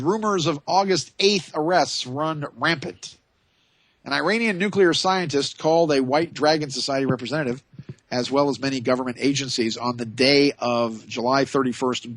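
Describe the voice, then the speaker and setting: A man's voice: on the high side, a bit bright, no echo. Sarcastic male radio host, tense dry voice. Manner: sarcastic, rambling, mocking asides. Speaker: radio talk show host. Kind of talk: talk radio monologue.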